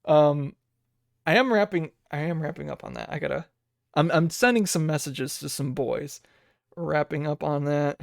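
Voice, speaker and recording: A man's voice: a little high, moderate pace, gravelly, no room sound, clean studio sound. A man hosting a live-stream podcast in loose, rambling casual chat. He thinks aloud while looking things up and laughs often. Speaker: livestream podcast host.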